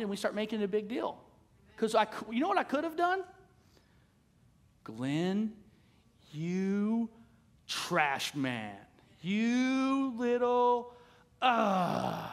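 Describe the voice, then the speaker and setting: A male senior pastor preaching a sermon in a casual, animated way, acting out conversations as he tells a story. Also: very high voice.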